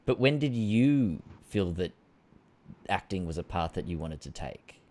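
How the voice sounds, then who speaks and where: Man, young adult, host, very deep voice, lively intonation, casual video-call interview. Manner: quick, loose questions with restarts.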